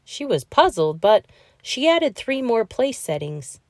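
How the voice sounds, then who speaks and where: A woman reading a children's picture book aloud, in a slow, expressive storytelling voice. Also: fairly high pitch, no room sound, studio quality.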